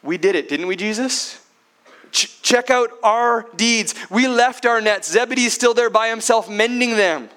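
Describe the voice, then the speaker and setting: A man's voice: extremely high pitch, unhurried, fairly bright tone, clear, resonant tone. A man preaching puts on the voice of an earnest adult male disciple who asks plain, pleading questions and wants reassurance. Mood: boastful.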